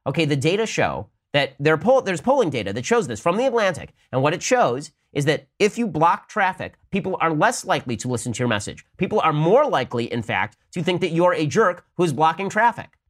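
A man hosting a political podcast, delivering rapid-fire argumentative commentary that climbs in pitch when he drives a point home. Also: very animated.

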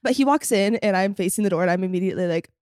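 A woman's voice: mid-range voice, very fast, no echo. Young woman guest on a podcast, chatty storyteller doing little voices for quotes, dry close mic. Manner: animated storytelling, acts out quotes, laughs often. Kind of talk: casual chat.

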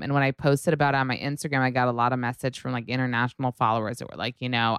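A low-pitched woman chats casually as a podcast host, her voice a little hoarse. The tone is smooth and resonant, and the sound is dry and close. She swears freely and slips into playful put-on voices. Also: level tone, fast talker, few pauses, no echo. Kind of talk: casual chat.

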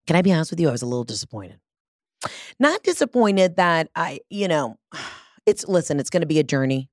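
A woman in her thirties hosts a comedy podcast, brash and profane, rambling and self-deprecating. Her voice is lower than most women's and swings widely in pitch. It sounds close and dry in the studio mic. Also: big pitch swings, fairly quick, no echo. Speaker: podcast host. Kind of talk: casual comedic monologue. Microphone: studio mic with large headphones.

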